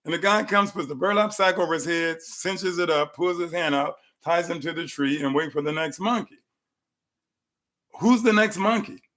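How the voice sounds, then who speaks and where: A middle-aged man hosts a live health talk from his clinic room, his voice sitting a little high for a man. He tells animated stories and repeats phrases to drive his points home.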